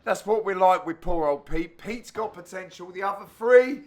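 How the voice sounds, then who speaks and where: A man giving a cheeky, crude comic voice-over commentary on an amateur padel match, bursting into sudden shouted exclamations. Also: high-pitched, expressive, moderate pace.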